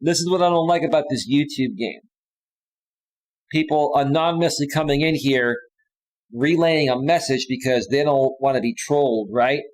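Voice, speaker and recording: A man hosts a live stream, reading viewer comments aloud and answering them in a blunt, dismissive way, often restarting his sentences. His voice is medium-pitched at a normal speed, and the recording is low quality.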